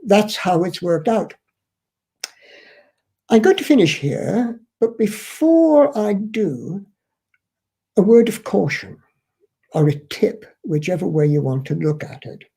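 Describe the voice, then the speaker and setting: A man's voice: high voice, animated, slow pace, vocal fry, long pauses, dark tone, husky. A man explaining shipping costs as a trainer, earnest and emphatic, repeating key points to drive them home. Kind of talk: instructional explanation.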